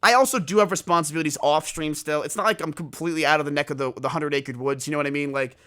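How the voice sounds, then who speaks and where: A young man streaming, telling a story to his chat in a casual, animated way with plenty of swearing and self-mockery. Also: on the high side, fast.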